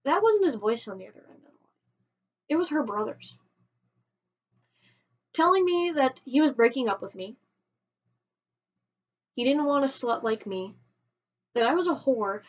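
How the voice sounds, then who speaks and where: A woman's voice: a little high, lively intonation. Emotional woman telling a story, lo-fi. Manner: emotional, halting with restarts. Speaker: vlogger. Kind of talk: personal storytelling. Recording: dull lo-fi home recording.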